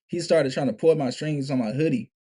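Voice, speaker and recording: A man's voice: a little high, fairly quick, dark tone. A young man telling a story to camera in a casual, profane, emphatic way, restarting and repeating himself often. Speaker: vlogger.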